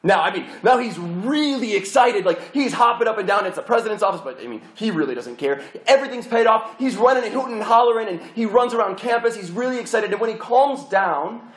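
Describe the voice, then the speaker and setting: Animated young male preacher, echoey hall. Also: high voice, fairly quick, hardly any pauses. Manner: animated, chatty, with many restarts. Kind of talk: storytelling sermon. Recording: roomy hall echo.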